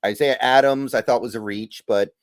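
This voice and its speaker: A man's voice: medium pitch, steady tone, normal speed, dry recording, studio quality. A man hosting a casual podcast, easygoing and thinking aloud with trailing fillers as he runs through picks. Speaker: podcast host.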